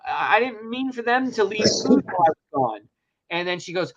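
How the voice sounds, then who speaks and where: A man's voice: high-pitched, big pitch swings, a little fast, crowd noise. A middle-aged man hosting a casual talk show, telling a story animatedly, acting out dialogue and swearing often. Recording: dull lo-fi sound.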